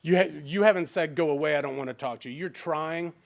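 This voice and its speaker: A man with a Midwestern American accent leads a fair housing training session in a library meeting room. His voice sits a little high, and he keeps it conversational, slipping into quoted lines as examples. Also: fast talker, creaky. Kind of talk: live training presentation.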